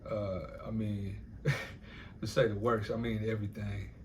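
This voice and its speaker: A man's voice: on the low side, little pitch movement, measured pace, a little mellow, a little hiss or hum. A man talking in a loose, rambling monologue, swearing often and laughing between repeated phrases. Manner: profane, repetitive, laughing asides.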